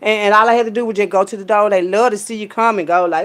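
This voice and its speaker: A woman, telling a story in a casual rant full of profanity and swinging between loud, high bursts and low, quiet asides. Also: quick pace. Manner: animated, profane, streetwise storytelling with big pitch jumps when quoting people. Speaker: vlogger.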